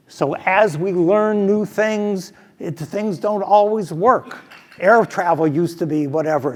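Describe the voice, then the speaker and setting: An older professor with a husky voice that sits a little high for a man. He talks through his answer in a fireside chat, thoughtful and emphatic, often breaking off and restarting his sentences. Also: darkish tone, long reverb tail. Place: stage at a business school event.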